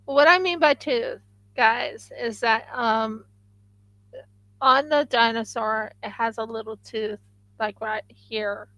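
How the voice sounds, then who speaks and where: A woman's voice: a little high, fairly even intonation, slow pace, sharp tone, dry recording, poor audio. A woman live-streaming her craft work, chatting casually and thinking aloud to viewers as she sculpts.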